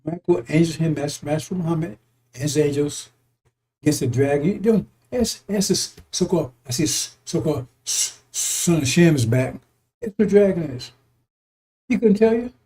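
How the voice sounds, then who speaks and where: High-voiced man preaching with a mellow tone. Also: animated, moderate pace. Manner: emphatic, repetitive, chuckling often, with profanity. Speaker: religious teacher. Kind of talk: informal preaching on scripture.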